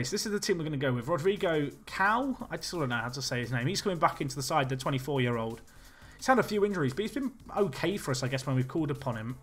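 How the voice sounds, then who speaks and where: A man's voice: on the high side, fairly bright tone. A young man chatting animatedly as he streams a football management game and talks to his chat. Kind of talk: casual game commentary.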